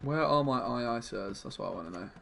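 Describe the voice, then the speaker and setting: A man's voice: medium pitch, animated, a little fast, vocal fry, over music. A young man streaming a card game, chatting casually with his viewers and muttering about his plays. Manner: chatty, laid-back, mumbles asides to himself.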